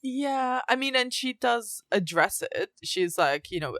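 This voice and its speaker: A woman co-hosting a podcast, lively, laughing a lot and asking her co-host questions. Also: fairly high pitch, slow pace, hardly any pauses, no room sound, clean studio sound. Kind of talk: casual film chat.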